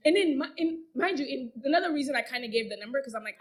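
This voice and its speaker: Casting: young woman, podcast co-host, lively storyteller, a bit high, laughs a lot. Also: quick pace. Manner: animated, laughs often, acts out others' lines. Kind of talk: casual storytelling chat.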